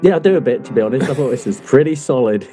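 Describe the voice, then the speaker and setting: A man's voice: mid-range voice, lively intonation, very fast, dark tone, soft background music. A man co-hosting a casual chat podcast, jokey and teasing, laughing often. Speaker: podcast co-host.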